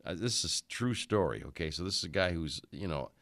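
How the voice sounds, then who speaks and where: A man's voice: low voice, animated, brisk, gravelly, fairly bright tone, no echo. A man hosting a radio show, chatting casually and telling rambling, folksy stories in a studio. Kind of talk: casual on-air chat.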